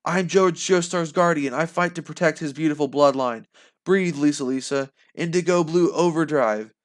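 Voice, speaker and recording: A man's voice: mid-range voice, brisk, lightly acted. A man voicing a defiant young girl fighter. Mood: fierce. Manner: defiant and cutting. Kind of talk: reading a novel aloud.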